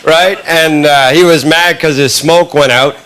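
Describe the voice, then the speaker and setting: A man doing stand-up comedy, telling a long story in a punchy, animated way and often tagging lines with a quick question. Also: a little high. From Canada. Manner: animated, punchy delivery with frequent tag questions. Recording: live recording with audible background noise.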